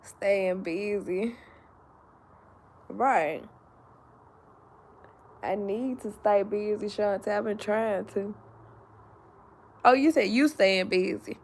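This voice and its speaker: A sleepy woman hosting a casual live chat, talking slowly and straight to her viewers as she reads their comments. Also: medium pitch, a little hiss or hum. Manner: slow and drowsy, talks straight to viewers. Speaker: livestream host reading viewer comments.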